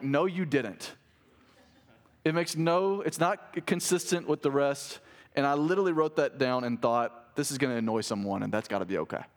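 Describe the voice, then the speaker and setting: Man, pastor, sermon, conversational, animated delivery. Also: medium pitch. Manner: animated, conversational preaching with asides and restarts.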